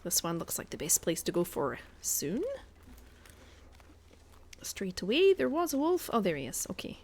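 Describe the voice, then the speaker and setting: A woman's voice: fairly low pitch, wildly swooping pitch, normal speed, darkish tone, slight background noise. A woman streaming a survival game from home, chatting and thinking aloud in a put-on Scottish accent and poking fun at herself. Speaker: guest streamer. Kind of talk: casual gameplay commentary.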